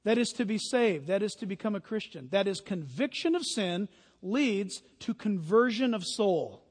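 High-voiced preacher in a reverberant hall. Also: male voice, normal speed. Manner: animated preacher, builds to loud emphatic peaks. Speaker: pastor. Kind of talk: sermon.

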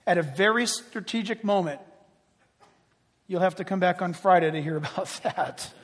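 A man preaching a sermon, dramatic, swinging from loud declarations to hushed, near-whispered lines. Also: high voice. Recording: long reverb of a large hall.

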